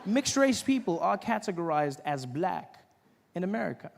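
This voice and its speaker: Stand-up comic from South Africa, South African accent, mid-high voice, on a stage mic with long hall reverb. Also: male voice, big pitch swings, creaky. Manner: storytelling with quick asides and mimicry. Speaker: stand-up comedian. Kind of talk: stand-up routine. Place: theater stage. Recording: reverberant live theater recording, faint noise.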